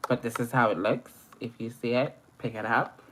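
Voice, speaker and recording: A woman's voice: rumbling low, fairly even intonation, moderate pace, a little hiss or hum. A young woman chatting playfully through a live makeup tutorial and greeting viewers as they join. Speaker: makeup livestreamer.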